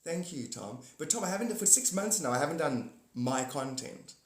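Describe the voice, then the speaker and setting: Here the livestream host's voice is a little high and sing-song, moving at a moderate pace as he chats loosely, jumps around topics, laughs often, and calls out viewers by name, all in an echoey room.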